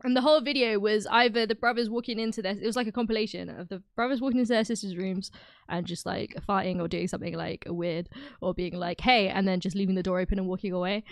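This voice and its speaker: A woman's voice: mid-range voice, steady tone, fast talker, no room sound, studio quality. A young woman streaming, chatting casually with her viewers, bubbly and giggly, often breaking into laughter. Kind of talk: casual chat with live chat.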